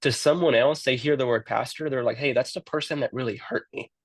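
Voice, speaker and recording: A man's voice: medium pitch, a little fast, dry recording. A man who works in youth ministry, telling his story in a casual interview and often repeating words as he starts a sentence.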